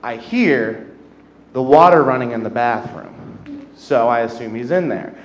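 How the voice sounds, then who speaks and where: A young man in his twenties doing a self-deprecating stand-up set on a comedy club stage, getting loud at the punchlines. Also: mid-range voice, lively intonation, unhurried. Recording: roomy club with audience laughter.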